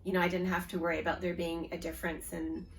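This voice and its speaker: A woman's voice: lowish voice, little pitch movement, fast, far from the mic, slight background noise. A woman in her forties with a Canadian accent, hosting a knitting podcast in a casual show-and-tell chat, with lots of ums. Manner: chatty, with frequent ums and restarts.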